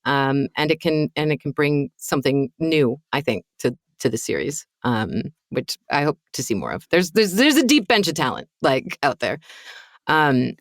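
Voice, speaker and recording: A woman's voice: deep voice, big pitch swings, moderate pace, no echo, studio quality. A woman hosting a podcast roundtable, talking conversationally and steering the discussion with questions. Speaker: podcast host.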